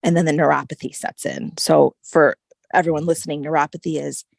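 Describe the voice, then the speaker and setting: Low, gravelly-voiced woman telling a story. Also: a little fast, no echo, studio quality. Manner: animated, frequent "like" and "right?" fillers. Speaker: podcast guest. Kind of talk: conversational personal storytelling.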